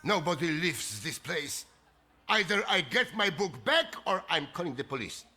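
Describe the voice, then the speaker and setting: An actor playing a frantic, theatrical male bookseller who shouts and wails over a stolen book. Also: sing-song, moderate pace, heavily acted. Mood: outraged. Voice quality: shrill and melodramatic.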